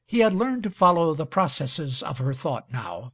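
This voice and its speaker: A man narrating a novel aloud in a measured, literary reading style. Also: a little high, very animated, a bit bright, husky, dry recording. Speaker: audiobook reader. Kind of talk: scripted narration.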